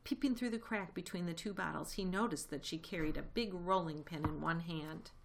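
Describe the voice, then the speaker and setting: A woman narrating a children's chapter book aloud with a lively, expressive delivery. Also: fairly low pitch, a little fast, creaky, background noise. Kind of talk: audiobook reading.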